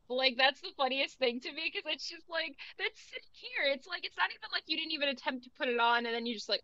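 Young female co-host, fairly high voice, chatty with fillers. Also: lively intonation, brisk, few pauses, pushed and bright, no room sound, dull audio. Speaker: radio co-host. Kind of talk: casual radio chat. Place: college radio studio.

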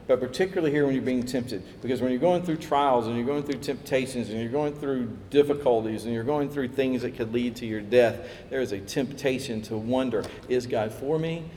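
A man preaching a sermon, lively, acting out quoted voices as he tells the story. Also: medium pitch, moderate pace, a little hiss or hum. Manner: animated, acts out quoted voices, chuckles. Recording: echoey hall with faint ambience.

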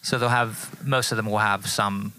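A man's voice: lowish voice, steady tone, moderate pace, sharp tone, clear, resonant tone, dry recording. A man co-hosting a podcast in casual chat, easygoing and joking, agreeing often with "yeah", recorded in an upstairs room at home. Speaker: podcast co-host.

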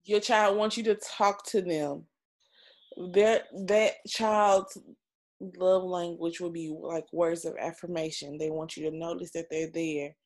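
A woman's voice: on the low side, steady tone, a little slow. A woman in her thirties hosting a casual podcast, chatty and emotional, with casual swearing. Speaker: podcast host, mother.

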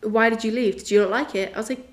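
A woman's voice: a little high, fairly even intonation, fast talker. Young woman, podcast host, casual story, laughs often, filler-heavy. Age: young adult. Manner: giggly, chatty, full of "like" fillers.

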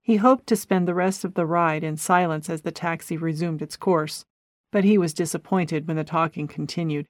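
A man narrating an audiobook novel in a steady, measured storytelling voice. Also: on the high side, no room sound, clean studio sound. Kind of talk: scripted narration.

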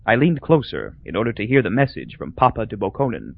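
A man reading a novel aloud as audiobook narrator, expressive and storytelling. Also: on the low side, fast talker, creaky, no echo. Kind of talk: scripted narration. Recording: dull dry lo-fi recording.

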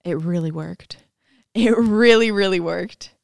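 A fitness coach appears as a guest on a podcast, her voice lowish, gravelly and a bit slow, captured in clean studio sound with no echo. Bubbly and laughing, she chats casually in an interview and acts out what people told her in different voices.

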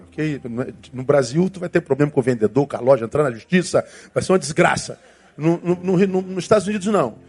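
A male pastor with a Brazilian Portuguese accent, telling a story in a sermon in an animated, colloquial way full of conversational asides. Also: medium pitch.

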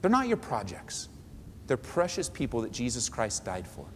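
Animated preaching man in an echoey hall. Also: mid-range voice, normal speed. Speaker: pastor. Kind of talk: sermon. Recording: echoey hall, faint noise.

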